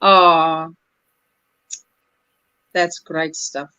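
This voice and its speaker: A woman's voice: low-pitched, little pitch movement, drawn-out words, pushed and bright, smooth, dry recording, highs cut off. A woman hosting a crochet livestream, chatting casually, laughing often and reading viewer comments aloud. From South Africa.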